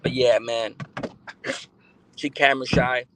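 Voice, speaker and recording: A man's voice: medium pitch, steady tone, takes it slowly, fairly bright tone, a little hiss or hum, low-quality recording. A man chats easily on a livestream, loose and talkative. He drops street slang and curses freely, reading viewer comments and talking straight to his audience. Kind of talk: casual livestream chat.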